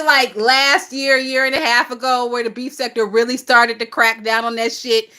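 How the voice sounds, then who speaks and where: A woman hosting a casual gossip livestream, talking in a lively, profane way and laughing often. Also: high voice, moderate pace. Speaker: livestream host.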